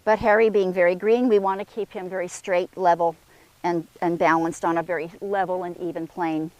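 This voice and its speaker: A woman's voice: lowish voice, level tone, normal speed, a little mellow, poor audio. A woman horse trainer giving an instructional demonstration in an outdoor arena, calling commands to a horse between her explanations.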